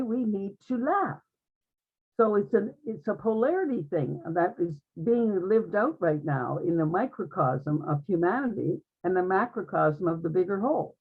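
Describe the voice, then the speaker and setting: Husky woman on a tinny line. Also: medium pitch. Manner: earnest, uplifting, repeats phrases. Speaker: guest speaker in an online group conversation. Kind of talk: inspirational spiritual talk.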